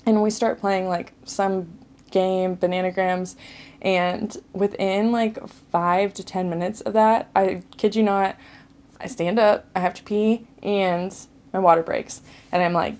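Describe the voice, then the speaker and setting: A woman's voice: medium pitch, steady tone, a little slow, darkish tone. A young woman casually telling her own birth story to camera, chatty and filled with "like" as she relives a hard labor. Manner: chatty, says "like" often, relives distress.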